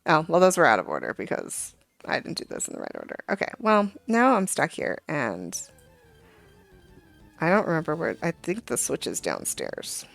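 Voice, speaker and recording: A young adult woman chats casually while streaming a game, spinning a rambling story packed with fillers and asides as faint game music plays. Her voice is deep and creaky, with huge pitch swings at a normal speed.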